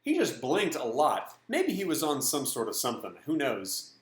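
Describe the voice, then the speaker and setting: A man's voice: mid-range voice, wildly swooping pitch, normal speed. A man from Texas hosting a casual livestream, chatty and upbeat, thanking donors and reading messages. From Dallas, Texas. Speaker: livestream host. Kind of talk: casual live-stream chat. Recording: echoey room.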